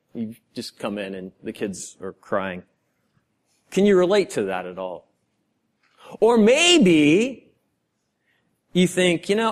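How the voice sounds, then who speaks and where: Male pastor, lively pitch, unhurried sermon delivery with acted-out bits. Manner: animated, acts out everyday scenes in voices.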